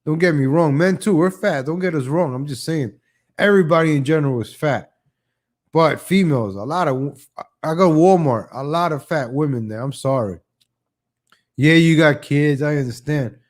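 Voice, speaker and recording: The voice of a man, on the high side, talking at normal speed. He's hosting a live online show and ranting in a casual, sarcastic manner, repeatedly doubling his opening words and mocking people in exaggerated voices. Opinionated and sarcastic, he leaps between topics.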